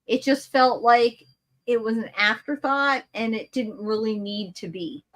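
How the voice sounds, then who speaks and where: A woman's voice: a little high, a little slow. A woman co-hosting a casual gaming stream chat, chatty and giggly after a few drinks. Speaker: co-host.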